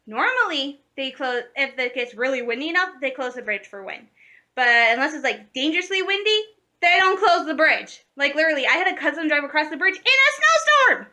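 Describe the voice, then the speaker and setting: A woman's voice: high voice, sing-song, fairly quick, pushed and bright. A woman, vlogging in a rambling, chatty way, laughing often and correcting herself mid-sentence. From Michigan, USA. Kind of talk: casual vlog chat.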